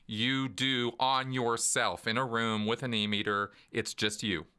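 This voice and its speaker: A man's voice: medium pitch, flat delivery, measured pace, sharp tone, clean tone. A man hosting a podcast interview, prompting his guest and affirming what he says. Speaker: podcast host. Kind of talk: conversational interview.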